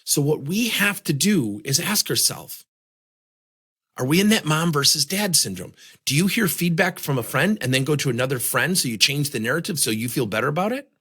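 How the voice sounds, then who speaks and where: A man's voice: a little high, lively intonation, brisk, bright, forceful tone, husky. A man giving a motivational talk on communication, leaning on many rhetorical questions. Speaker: speaker on communication.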